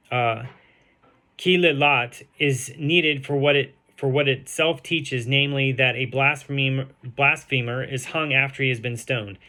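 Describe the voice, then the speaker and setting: Man, crisp bright tone, mid pitch, Talmud lesson, careful reading, slows to spell out Hebrew words, ums and uhs. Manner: reads translated text aloud, slowing to sound out Hebrew and Aramaic terms, with fillers. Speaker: Talmud teacher. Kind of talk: reading and explaining a Talmud page.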